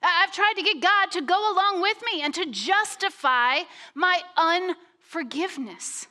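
A woman sharing a slow, personal, confessional reflection during a sermon. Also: very high-pitched, expressive, sharp tone.

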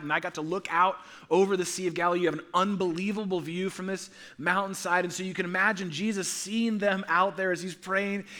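A male pastor preaching in a church sanctuary, his voice high and bright. He moves between emphatic, rising passages and quiet, hushed ones, dropping humorous asides along the way. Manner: animated, swings from loud emphatic to soft hushed delivery. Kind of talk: sermon.

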